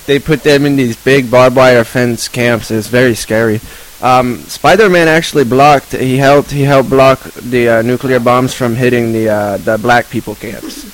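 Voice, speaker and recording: Man playing an unhinged rock guitarist, rambling, stumbling, mid-pitched voice. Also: steady tone, unhurried, hardly any pauses, lightly acted, rough recording. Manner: rambling, stumbling, absurd claims. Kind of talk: improvised comedy interview.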